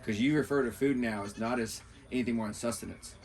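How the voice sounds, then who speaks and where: A man's voice: medium pitch, quick pace, darkish tone. Enthusiastic male podcast host. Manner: enthusiastic, explaining to listeners. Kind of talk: casual podcast conversation.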